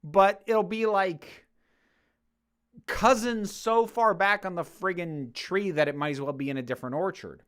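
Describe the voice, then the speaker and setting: A man's voice: high-pitched, unhurried, a bit bright, clear, resonant tone. A man from the United States hosting a livestream, casually answering chat questions with rambling jokes and lots of fillers and restarts. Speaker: YouTube host answering chat.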